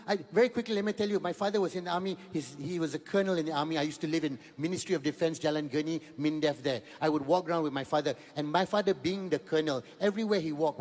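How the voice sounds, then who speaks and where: A man's voice: high-pitched, darkish tone. A Malaysian man in his fifties with a Malaysian English accent, telling a stand-up comedy story, mixing in Malay words and repeating phrases for effect. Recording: long hall reverb.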